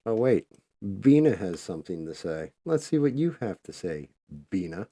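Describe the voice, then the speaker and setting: A man hosts a casual live stream, talking loosely and cursing freely as he paints. His voice sits on the low side with a mellow, relaxed tone. The sound is dry and close. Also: normal speed, slightly rough, no room sound. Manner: loose, chatty, swears freely. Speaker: livestream host.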